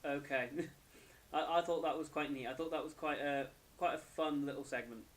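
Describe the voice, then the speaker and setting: A man's voice: on the high side, fairly even intonation, moderate pace. A young man, tired and yawning, casually reviewing an anime episode in a rambling, self-correcting way.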